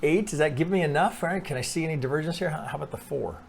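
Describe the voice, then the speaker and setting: A man's voice: a little high, fast talker, creaky, a little hiss or hum. A man talking casually through trading charts, thinking aloud with restarts, frequent "right?" and blunt swearing. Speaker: trading analyst. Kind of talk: casual chart analysis over screen share.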